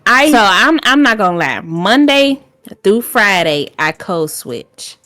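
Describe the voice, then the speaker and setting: A woman co-hosting a podcast in casual chat, lively and quick to agree, sometimes laying out definitions. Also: mid-range voice, faint music behind. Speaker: podcast co-host.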